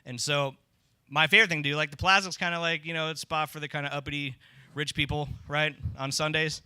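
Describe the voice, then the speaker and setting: A man's voice: a little high, steady tone, quick pace, pushed and bright, clear, resonant tone, no echo, clean studio sound. A man doing a stand-up comedy set in a club, telling stories in a wry, conversational way. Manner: wry, conversational storytelling with tag lines. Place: comedy club stage with audience laughter.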